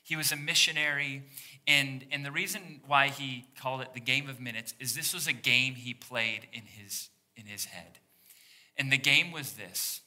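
A man's voice: medium pitch, moderate pace, pushed and bright. A man preaching a sermon as pastor, in a conversational way that acts out the voices of the people in the story. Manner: conversational, acts out quoted voices of biblical figures. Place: church sanctuary.

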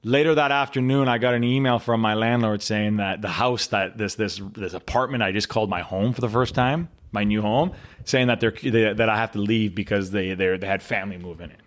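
Low-voiced man telling a hard story. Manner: earnest, dramatic pauses and repetition. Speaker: podcast guest. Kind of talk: storytelling interview answer.

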